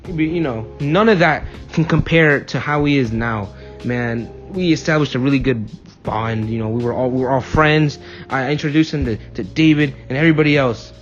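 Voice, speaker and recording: A man's voice: medium pitch, moderate pace. A young man telling profane, rambling anecdotes in a casual chat with a friend. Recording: dull lo-fi mic, faint music.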